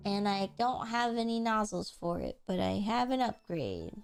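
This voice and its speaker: A woman streaming while she plays a game, telling stories in a giggly, animated way, laughing often and swearing casually. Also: medium pitch, moderate pace, clear, resonant tone. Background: faint background music.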